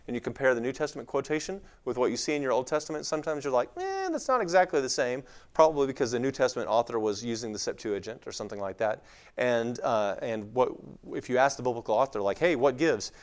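A man lightly accented from West Texas speaks in a clear, resonant mid-range voice while teaching the Bible informally to a live crowd. His delivery is chatty and full of fillers, and he dramatizes quotations by acting out voices.

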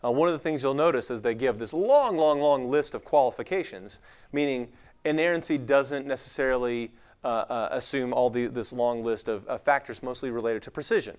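A man's voice: mid-range voice, brisk, a little mellow, smooth. A man from West Texas with a light West Texas accent, giving an informal lecture on the Bible to a live audience, talking conversationally with many fillers. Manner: conversational, with frequent fillers and acted-out quoted voices. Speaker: speaker teaching on the Bible.

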